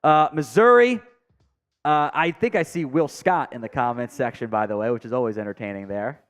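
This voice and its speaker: A man's voice: mid-range voice, moderate pace, clean tone. A man hosting a live sports stream from a home setup, reading viewer comments aloud in a chatty, joking way with mumbled asides. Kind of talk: casual live stream chat.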